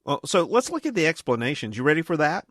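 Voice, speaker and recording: A man co-hosting a podcast, playful and quick to joke while reading explanations aloud. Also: fairly high pitch, sing-song, a bit bright, no echo, studio quality. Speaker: podcast co-host.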